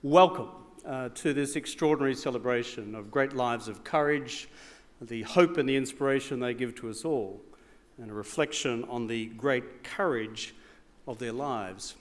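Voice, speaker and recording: A man's voice: medium pitch, moderate pace. A middle-aged Australian man giving a formal evening speech with joking asides and rhetorical repetition, in a large hall. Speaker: speaker. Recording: long hall reverb.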